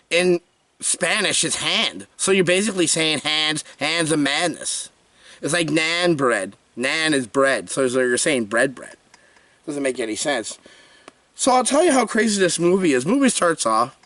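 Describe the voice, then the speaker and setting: A man's voice: sits high, fairly bright tone, no room sound, recorded from a distance. A man reviewing a horror movie in a comedic vlog, theatrical and jokey, swinging between big cries and mutters.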